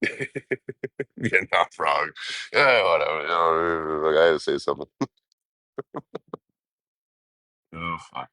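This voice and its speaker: A man's voice: a bass voice, takes it slowly, long pauses, pushed and bright, dry recording. A man chatting casually on a livestream, telling a rambling, profane story and laughing often. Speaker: vlogger.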